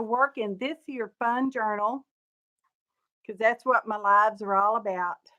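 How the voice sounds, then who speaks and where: A woman's voice: a little high, steady tone, measured pace, pushed and bright, poor audio. A woman hosting a crafting livestream, chatty and folksy, sounding sleepy and tired while she greets viewers by name. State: sleepy, yawning. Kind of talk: casual livestream chat. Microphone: camera mic.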